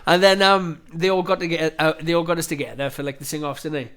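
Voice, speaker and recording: A man's voice: on the high side, quick pace, a bit bright. Man, chatty radio co-host. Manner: rambling storyteller, matey. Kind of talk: casual radio chat.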